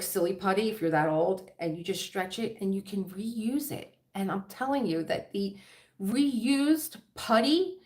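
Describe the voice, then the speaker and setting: A middle-aged woman with a Philadelphia accent chatting casually on a crafting livestream, rambling and laughing often. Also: mid-range voice. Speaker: diamond painting livestream host.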